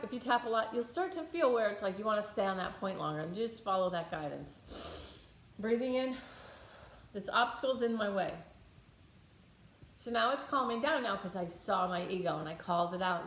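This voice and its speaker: A woman's voice: medium pitch, expressive, normal speed, fairly bright tone. A woman leading a guided tapping meditation, talking bluntly, swearing freely and thinking aloud as she works through her own feelings. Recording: echoey room.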